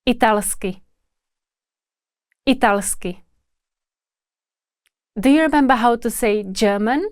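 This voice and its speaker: A woman language teacher who speaks slowly and carefully, saying each word twice in a lesson drill. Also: a little high, background noise.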